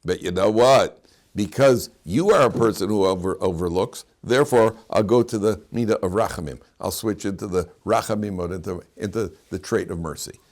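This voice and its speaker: A man's voice: low-pitched, moderate pace. A man, a rabbi, giving a lecture on the weekly Torah portion, telling homely stories with chuckles and Hebrew terms. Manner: animated, chuckling storyteller, mixes Hebrew terms into English. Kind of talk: lecture with humorous storytelling.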